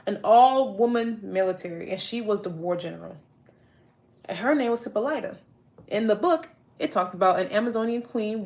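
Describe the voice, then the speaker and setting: A young woman chatting casually to her viewers about a book, reading passages aloud and riffing excitedly, laughing often. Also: medium pitch. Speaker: book-discussing content creator.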